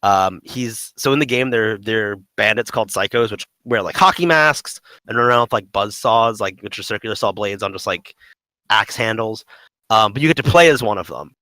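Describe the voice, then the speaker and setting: A man talks games on a podcast in a bright, forward voice, recorded dry and close. His speech rambles with lots of fillers and animated swings. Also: on the low side, moderate pace, no echo, poor audio. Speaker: podcast co-host. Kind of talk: casual gaming podcast chat.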